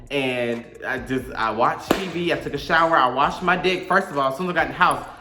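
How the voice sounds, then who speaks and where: A man's voice: high voice, pushed and bright, roomy sound. A young man, telling a profane, dramatic storytime monologue to camera and acting out his own quotes. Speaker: storytime vlogger.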